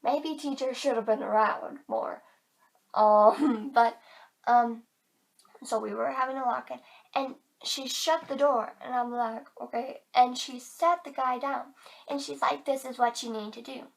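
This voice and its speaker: A woman's voice: high-pitched, fairly even intonation, measured pace, vocal fry. A teenage girl vlogging to camera in casual chat, chatty and giggly, filling her talk with "like", a bit tired.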